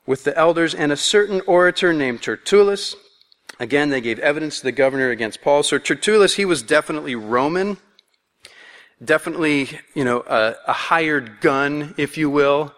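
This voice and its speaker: A man's voice: a little high, expressive, moderate pace, a bit bright. Conversational male preacher in a reverberant hall. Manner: conversational, playful, acts out voices. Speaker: pastor. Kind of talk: expository sermon.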